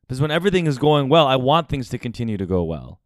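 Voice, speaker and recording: A man's voice: mid-range voice, very animated, fast talker, no room sound, clean studio sound. Candid, cursing young man on a podcast. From United States. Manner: candid and confessional, swears often. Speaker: podcast host. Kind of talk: casual podcast monologue.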